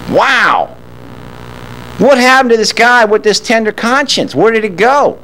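A man with a high voice delivers a sermon, reading scripture aloud and then retelling it in his own words. He voices the characters' lines as he goes. His pitch jumps up and drops low to drive home each point. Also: slow, a little hiss or hum, rough recording. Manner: animated, with sharp swings in pitch for emphasis. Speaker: preacher. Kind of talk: sermon, Bible teaching.

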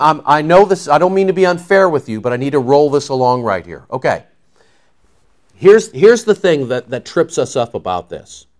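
A man preaching a sermon in an emphatic, conversational way, often checking in with his listeners with "okay?" and "see?". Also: a little high.

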